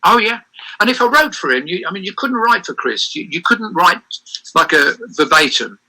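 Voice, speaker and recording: A man's voice: high-pitched, very animated, normal speed, sharp tone, poor audio. An older man, giving an interview as a guest and telling long anecdotes with many restarts and self-corrections. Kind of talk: reminiscing interview over a call.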